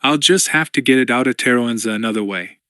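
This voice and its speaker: A man's voice: medium pitch, fast, fairly bright tone, clean tone, no echo, studio quality, lightly acted. A man voicing a confident young male pilot who talks in a breezy, self-assured way in an audiobook.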